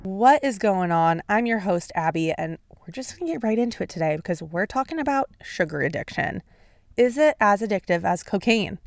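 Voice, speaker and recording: A woman's voice: medium pitch, creaky, no echo, studio quality. A young adult woman hosting a casual solo podcast, chatty and sarcastic. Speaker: podcast host.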